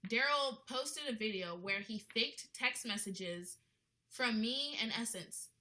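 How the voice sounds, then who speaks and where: A woman's voice: fairly high pitch, lively intonation, slow, pushed and bright, rough recording. A young woman ranting in a casual vlog, blunt and indignant, with lots of "like" in her talk. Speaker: vlogger.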